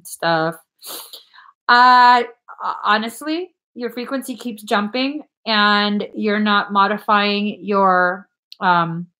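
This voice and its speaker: A woman's voice: medium pitch, sharp tone. A woman on a casual livestream, giving blunt, frank readings and swearing freely as she talks.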